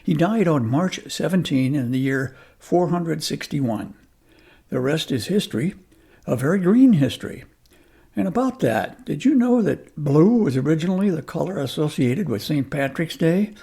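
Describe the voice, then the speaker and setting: A man delivers a scripted radio commentary. His voice is mellow and a little husky. His wry, lightly joking manner keeps the facts easy to follow. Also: fairly high pitch, expressive, normal speed.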